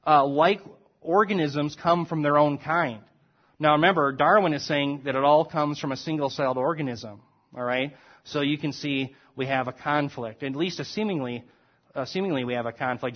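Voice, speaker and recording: A man teaching a Bible class from slides in a conversational way, often checking in with his listeners. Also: fairly high pitch. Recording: dull lo-fi recording.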